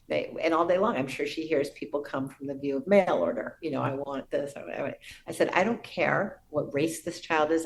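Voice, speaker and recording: Low gravelly woman telling a reverent story. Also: low-quality recording. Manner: earnest, reverent storytelling with soft restarts. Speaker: guest. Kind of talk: storytelling in a podcast interview.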